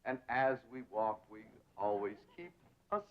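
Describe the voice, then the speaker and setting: Pompous, theatrical society dandy. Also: male voice, fairly low pitch, animated, measured pace. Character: pompous young society man tutoring a country girl. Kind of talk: 1960s sitcom acting. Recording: dull 1960s TV soundtrack with faint hiss.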